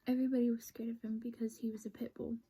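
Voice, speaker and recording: A young woman telling a painful personal story in a soft, halting voice, sad and emotional, often sliding into a whisper. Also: a little high, level tone, husky, rough recording.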